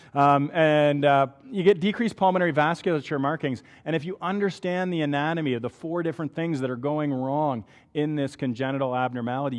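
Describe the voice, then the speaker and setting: A man with a Canadian accent giving a conversational medical lecture, often checking in with "right?". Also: medium pitch. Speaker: physician lecturer. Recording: long hall reverb.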